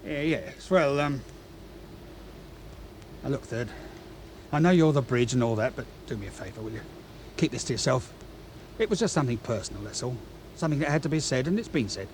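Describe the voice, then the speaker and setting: An actor playing a defensive, resentful chief steward in a radio drama. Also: male voice, mid-range voice, lively intonation, fairly quick, pauses often, darkish tone, a little hiss or hum, natural voice, low-quality recording. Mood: flustered. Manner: defensive and accusing. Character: nervous resentful male ship's chief steward. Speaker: ship's officer. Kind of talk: 1970s radio drama acting.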